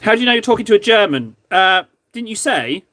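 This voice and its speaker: A chatty English host talks with his viewers while he paints at his hobby desk. His voice sits a little high, and the sound is close and dry. He is rambling and self-deprecating, with a loose, joking manner. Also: sing-song, quick pace, pushed and bright, no echo. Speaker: livestream host painting miniatures. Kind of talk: casual livestream chat.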